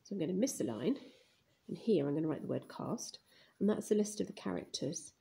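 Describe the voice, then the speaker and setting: A woman's voice: on the low side, expressive, fairly quick, creaky, warm tone. A woman teaching a primary class writing lesson, narrating as she writes and murmuring words while she writes them, recorded on a phone camera pointed at the page. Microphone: phone camera filming the page.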